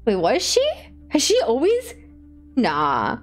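High animated young woman streamer. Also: slow, faint music behind. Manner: gushing, squealing, frequent gasps and shouts. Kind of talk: excited gaming stream chat.

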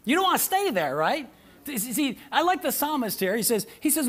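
Animated, bright-voiced male pastor preaching. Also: high voice, a little fast. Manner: animated preaching, bursts into shouts, chuckles often. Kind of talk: sermon. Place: church sanctuary with live audience.

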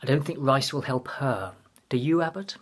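Flustered, defensive woman, hesitant, husky edge , as a male reader puts her on. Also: mid-range voice, animated, moderate pace, voice pushed up. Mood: prickly. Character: flustered anxious woman teacher, Penny.

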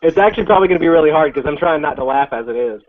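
A man chatting casually on a live video call, joking and laughing between quick directions. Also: on the high side, animated. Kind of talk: casual chat. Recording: phone-like video call line, faint noise.

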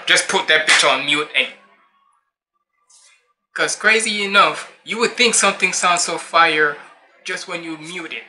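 A young man from Jamaica talks over a track in a reaction video. His voice is sharp and bright, a little high for a man. He rambles in loose slang and slips into island patois. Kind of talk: casual reaction commentary.

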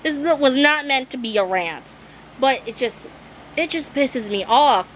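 A woman's voice: high voice, expressive, measured pace, slight background noise, poor audio. A young woman vlogging a rant, exasperated and swearing, apologizing often and losing her voice. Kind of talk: ranting vlog monologue.

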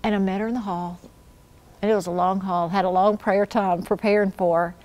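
A woman giving a personal faith testimony at church, telling her story earnestly and dropping to a hush when she quotes her prayers. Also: mid-range voice, steady tone, fairly quick.

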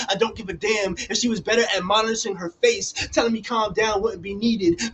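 A young man delivers a spoken word poem with dramatic, rising intensity. His voice sits a bit high for a man, and a faint background noise lies under the recording. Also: poor audio. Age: young adult. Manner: relaxed casual chat after the poem.

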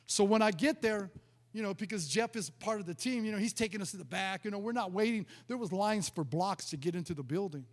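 A man's voice: sits high, fairly quick, in a large hall. A male pastor preaching a sermon, telling a personal testimony in a storytelling way, often stumbling and repeating words. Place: church sanctuary.

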